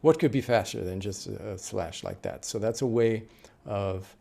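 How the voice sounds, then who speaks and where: Gravelly, mellow-voiced male lecturer. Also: lowish voice, moderate pace. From United States. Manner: explanatory, with frequent fillers and restarts. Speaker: interpreter trainer. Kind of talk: lecture on note-taking.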